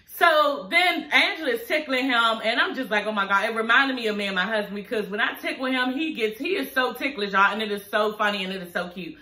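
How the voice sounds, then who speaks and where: A sassy woman recapping a TV episode, chatting straight at her viewers. Her voice sits a little high and sounds bright and sharp. The room around her has a noticeable echo. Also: animated, a little fast, few pauses. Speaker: TV recap vlogger. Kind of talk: casual TV episode review vlog. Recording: echoey room.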